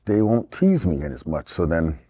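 A middle-aged actor from England, speaking as an interview guest in a rambling, animated way with many restarts. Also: male voice, low-pitched, normal speed, husky. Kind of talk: casual interview talk.

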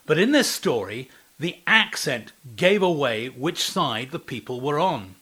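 A man with a slightly high voice preaches a devotional talk. He tells a scripture story, then asks the listener rhetorical questions. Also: sing-song, measured pace, sharp tone, slightly rough.

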